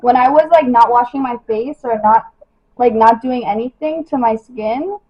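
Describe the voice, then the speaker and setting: A woman's voice: on the high side, normal speed, dull audio. A young woman chatting casually on a livestream about her skin, talking loosely with lots of "like" and "you know". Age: young adult. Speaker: model livestreaming her skincare routine. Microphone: phone.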